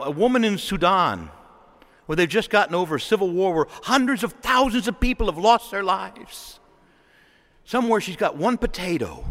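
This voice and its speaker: A man preaches a homily in a lively, sing-song voice that swoops high and low. He is a priest acting out little scenes and chuckling between points. The sound carries a long reverb from the church around him. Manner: animated, acts out quoted voices, chuckles often.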